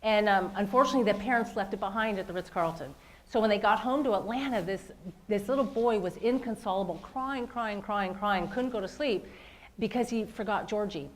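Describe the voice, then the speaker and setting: Woman keynote speaker, mid pitch, emphatic and repetitive, direct with the audience. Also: brisk, slight background noise. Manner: emphatic, repeats phrases, asks audience questions. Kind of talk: live motivational keynote.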